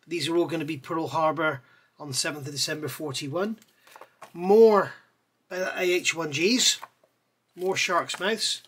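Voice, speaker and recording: A man reviewing scale model parts in a chatty way, pausing with fillers and correcting himself as he goes. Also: on the high side, fairly bright tone, breathy edge. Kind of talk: casual product review.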